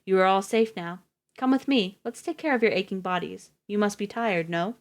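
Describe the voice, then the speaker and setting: A woman's voice: medium pitch, moderate pace, close to an everyday voice. Woman putting on a chipper Russian-ish stranger. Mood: reassuring. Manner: grinning, welcoming, bouncy. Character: lanky cheerful male Russian stranger.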